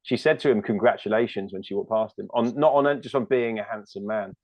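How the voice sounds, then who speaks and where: A British man in his thirties talks loosely and self-deprecatingly, full of fillers and restarts. His voice sits low. The recording is dry and a little dull. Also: a little fast, no echo. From United Kingdom. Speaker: comedian guest. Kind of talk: casual interview chat.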